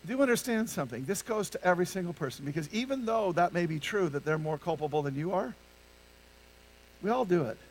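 A man's voice: sits high, expressive, fast talker, a little hiss or hum, poor audio. A male pastor preaching a conversational sermon to his congregation, often stopping to ask them rhetorical questions. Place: church sanctuary with a congregation.

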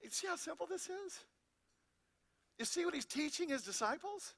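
A man's voice: extremely high pitch, expressive, normal speed, a bit bright. A man pastor preaching a sermon, asking the congregation rhetorical questions and reading scripture aloud.

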